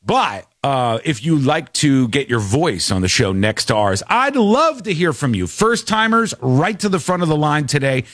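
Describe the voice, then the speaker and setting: A man's voice: a little high, moderate pace, hardly any pauses, no room sound, clean studio sound. Guy hosting a talk show, rambly, laughs a lot, voice jumps all over. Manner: animated, rambling, laughs often. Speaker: radio show host. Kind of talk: casual talk show banter.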